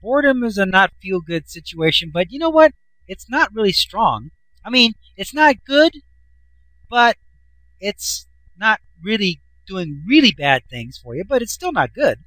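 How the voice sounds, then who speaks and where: A man's voice: high-pitched, very animated, unhurried, pushed and bright, no echo, low-quality recording. A man, a self-help author, explaining a chart in a casual, folksy, enthusiastic way, swinging his voice up and down for emphasis.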